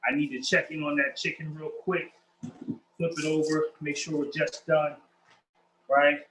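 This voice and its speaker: A man's voice: fairly high pitch, little pitch movement, a little slow, a bit bright, slight background noise, poor audio. A man hosting a cooking demonstration in a kitchen, upbeat and chatty, talking straight to his viewers. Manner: upbeat, chatty, addresses viewers as y'all and family. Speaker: chef hosting a cooking demo.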